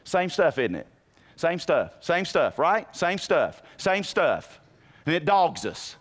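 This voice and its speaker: A man preaches with animated energy, questioning his listeners and building to shouted lines. His voice sits fairly high and swoops widely in pitch. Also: slow. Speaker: pastor. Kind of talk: sermon.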